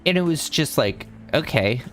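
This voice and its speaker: A young man streaming, telling an anecdote in casual chat with a rambling, animated delivery. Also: on the low side, moderate pace, soft background music. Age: young adult. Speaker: streamer host.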